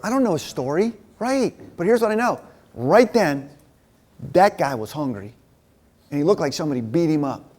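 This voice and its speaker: A man with a fairly high voice preaches to a men's group in an easy, conversational way. He tells stories from his own life and plays out the back-and-forth of each conversation. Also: lively intonation, normal speed, a little mellow. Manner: conversational, acts out dialogue in stories. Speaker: men's ministry speaker. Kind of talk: sermon told through personal stories.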